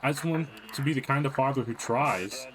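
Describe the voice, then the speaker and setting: A man's voice: mid-range voice, a little fast, crowd noise. A man playing a horror game, reading its on-screen text aloud and reacting with sudden startled outbursts. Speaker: gaming video creator. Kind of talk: let's play commentary.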